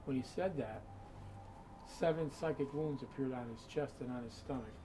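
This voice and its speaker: A man's voice: mid-range voice, normal speed, noisy background. A man telling a creepy story in a conversational, dramatic way, full of asides, while guiding people through a museum room. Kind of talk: spooky storytelling.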